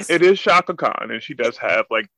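A man co-hosting a casual chat, telling stories in a dry, measured way. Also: on the high side, sing-song, pushed and bright, a little hiss or hum.

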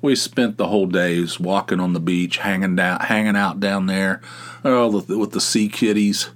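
A man's voice: deep voice, steady tone, normal speed. A middle-aged man hosting a podcast, rambling through a casual comic monologue with lots of restarts and exasperated asides. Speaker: podcast host.

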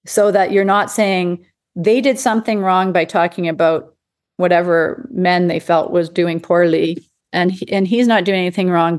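A woman, a physician, talking casually in a conversation, telling lively stories and acting out what people said. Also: on the low side. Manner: animated storyteller, acts out quotes, laughs often. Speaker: physician guest.

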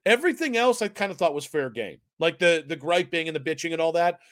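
A fairly high-voiced man co-hosts a sports podcast, chatting casually in a rambling, self-mocking way that often tips into giggling. The sound is dry and close, with almost no room around him. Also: expressive, fast, a bit bright, no room sound. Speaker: podcast co-host.

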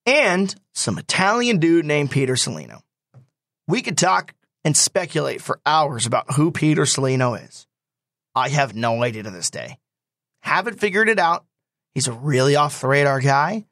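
A young man telling a personal story in casual talk, animated and quick to quote others. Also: fairly high pitch, dry recording, studio quality.

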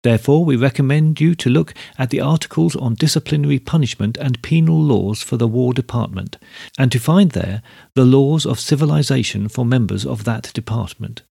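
A man voicing a coarse, arrogant, fat male letter-writer who talks in a pompous, hurried way, in a storybook reading. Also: mid-range voice, creaky, warm tone, breathy edge, no room sound, clean studio sound.

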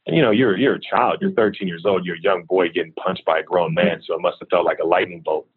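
Husky man on a tinny line. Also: low voice, fast. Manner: candid, steady recounting of hard memories. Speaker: interview guest. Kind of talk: personal storytelling in an interview.

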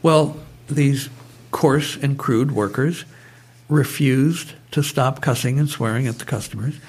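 A man's voice: medium pitch, measured pace, darkish tone, breathy edge. A man guest telling stories in conversation, digressive and prone to tangents. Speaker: guest, brainwave trainer. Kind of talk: conversational storytelling.

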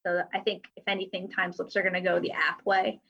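Gravelly and fairly bright with a breathy edge, this woman's low voice comes across flat and brisk on a muffled recording. A guest from a drag racing timing system company, she chats casually about her work in an interview, full of fillers and light laughter.

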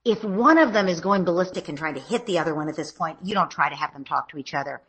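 A woman and parenting author, guest on an interview, explaining steps in a calm, gentle, instructive way. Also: lowish voice, fast, husky, low-quality recording.

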